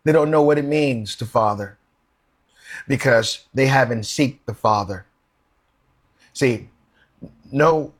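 A man's voice: mid-range voice, husky. A man preaching a sermon, earnestly reading scripture aloud and asking rhetorical questions.

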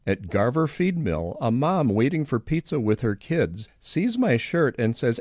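A man's voice: mid-range voice, unhurried, few pauses, dry recording, studio quality. A retired man in his sixties, hosting a short scripted radio segment, telling wry everyday stories. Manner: wry storytelling with lively intonation.

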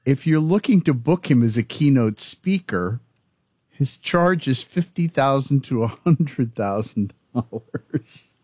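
Lively, warm-voiced man co-host. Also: mid-range voice, takes it slowly, no room sound. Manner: conversational, reads facts aloud. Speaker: podcast co-host. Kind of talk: casual chat.

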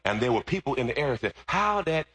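A male pastor preaching a sermon, moving from relaxed storytelling to loud, fervent, shouted preaching. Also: mid-range voice, very fast, husky.

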